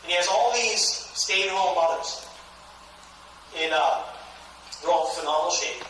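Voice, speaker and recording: Bright-voiced male trainer in echoey room. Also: high voice, unhurried. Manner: joking storyteller, addresses the audience directly. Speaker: sales trainer. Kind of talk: motivational training talk. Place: lecture room at a regional event. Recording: echoey room, distant mic, faint hiss.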